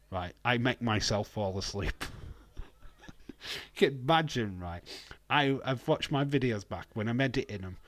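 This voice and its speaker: A man's voice: medium pitch, dry recording. A Welsh man from Wales, hosting a wrestling watch-along stream with rambling, jokey, sweary casual commentary on a close mic.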